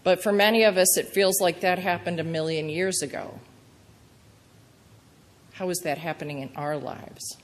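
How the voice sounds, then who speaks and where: A woman preaching a sermon, earnest and gentle, her voice sitting on the lower side. The sound carries a long reverb as if from a church hall. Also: fairly even intonation, normal speed, pauses often. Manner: earnest, gentle storytelling with quoted prayers.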